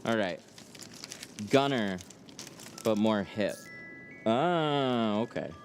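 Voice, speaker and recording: A man with a lowish voice talks in his tint workshop, joking loosely about slang and then explaining film options in plain, businesslike terms. A faint hum of background noise sits under his voice. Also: sing-song, unhurried, darkish tone. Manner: joking and self-mocking in banter, plain and businesslike on the phone. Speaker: window tint shop owner. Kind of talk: casual chat and phone call with a customer.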